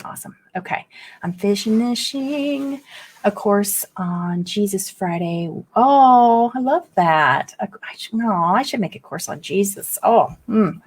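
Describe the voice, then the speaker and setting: A middle-aged woman spiritual coach chatting live with her viewers in a bubbly, effusive way, reading their comments aloud. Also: medium pitch. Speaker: spiritual medium and coach hosting a live stream. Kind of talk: casual live-stream chat. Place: home in the southern United States.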